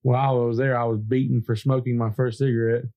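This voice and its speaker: Older guy on a podcast, animated storyteller, laughs a lot. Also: mid-range voice, fast, lo-fi sound. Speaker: podcast co-host. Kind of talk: casual chat.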